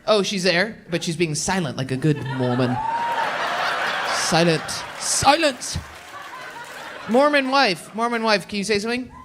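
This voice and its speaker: A woman's voice: medium pitch, expressive, moderate pace, background noise. A woman stand-up comedian doing crowd work on a club stage, brash and profane as she riffs with the audience. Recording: roomy club sound with loud audience.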